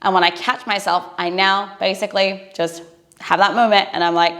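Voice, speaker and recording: A woman's voice: lowish voice, steady tone, normal speed, gravelly, fairly bright tone. A woman breathing coach giving an earnest, encouraging instructional talk to camera.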